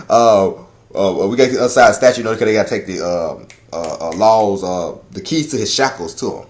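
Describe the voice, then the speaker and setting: A man giving a casual chapter review, talking in a loud, profane, rambling way that is full of laughter. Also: lowish voice, fairly quick. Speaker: anime and manga reviewer.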